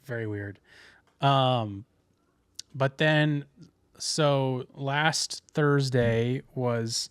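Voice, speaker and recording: A man's voice: medium pitch, takes it slowly, no room sound, clean studio sound. A young man, a podcast co-host telling a rambling story in casual chat with many restarts.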